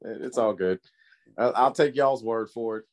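A man co-hosting a podcast in casual chat, telling stories with lively impressions. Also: on the low side, moderate pace. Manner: animated storytelling with voiced impressions. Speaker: podcast co-host.

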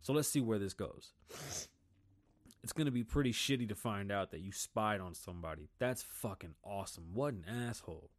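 A man hosting a podcast, ranting in a profane, heated solo monologue, often mocking people in loud voices. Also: on the low side, moderate pace, dry recording. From United States. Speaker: podcast host.

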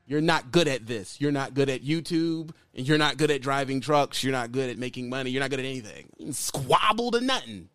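A man's voice: mid-range voice, animated, a little fast, few pauses, a bit bright, no echo. A man ranting at another YouTuber in a blunt, mocking call-out, repeating his insults over and over. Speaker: YouTuber calling out another trucker. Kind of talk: heated call-out rant.

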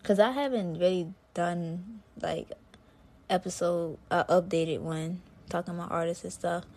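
A woman's voice: on the low side, a little mellow. A woman hosting her own podcast, talking casually in a slangy, rambling way with lots of fillers. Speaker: podcast host. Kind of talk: casual solo podcast chat.

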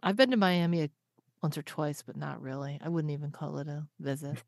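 A woman hosting a podcast, with a lowish voice and a dry, close sound. She chats casually, tells stories and teases her guest. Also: a little fast, gravelly, a little mellow, dry recording. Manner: teasing, chatty storyteller. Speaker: podcast host. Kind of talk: casual chat.

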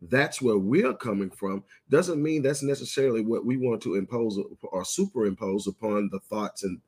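Husky low-voiced man, measured and reflective. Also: a little mellow. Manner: measured and reflective, speaks in lists of principles. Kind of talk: casual conversation. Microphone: video call.

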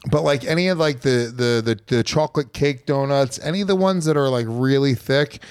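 A man's voice: mid-range voice, brisk, clean tone, no room sound. Man, crude and teasing, swears often, podcast banter, close dry mic. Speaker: podcast guest and comedian.

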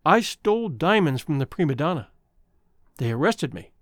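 A man's voice: a little high, very animated, moderate pace, fairly bright tone, no echo, clean studio sound. A man reading the lines of a troubled young woman, a former chorus girl, speaking earnestly in an audiobook. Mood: confessing. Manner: earnest, confessional.

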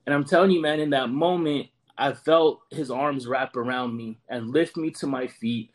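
A man's voice: mid-range voice, moderate pace, hardly any pauses. A man in his forties, a Marine veteran guest, earnestly telling a personal story and often repeating words as he goes. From United States.

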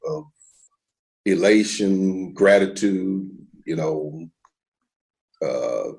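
Animated man chiming into a story. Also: low-pitched, very slow. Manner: animated, chuckling asides. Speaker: former basketball broadcaster, guest. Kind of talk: casual storytelling.

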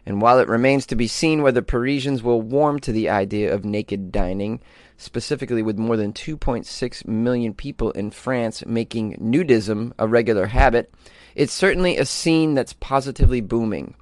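A man hosts a weird news show and reads each strange story before cracking jokes about it. He delivers it in an animated, laughing way and sits at a medium pitch. The sound is dry and close, with no room echo. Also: normal speed. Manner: animated, jokey, laughs at his own lines. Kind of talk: comedic news commentary.

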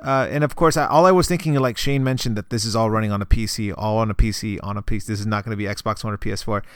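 A man co-hosting a gaming podcast, recounting an event in a rambling, halting way full of fillers and restarts. His voice is smooth and clear, recorded dry and close. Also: fairly low pitch, fairly even intonation, no echo. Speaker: podcast co-host. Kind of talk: casual chat.

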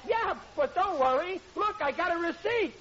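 An actor playing a bumbling, ungrammatical husband and father in an old radio comedy, blustering and excitable. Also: high voice, brisk. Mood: panicky. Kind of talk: 1940s radio acting. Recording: dull hissy old radio broadcast.

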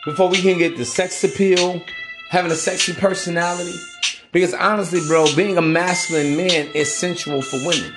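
A man's voice: sits high, fairly even intonation, fairly quick, music in the background. A man hosting a podcast, giving blunt, profane dating advice in an emphatic, preachy street-talk manner. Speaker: podcast host. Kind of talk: motivational dating advice monologue.

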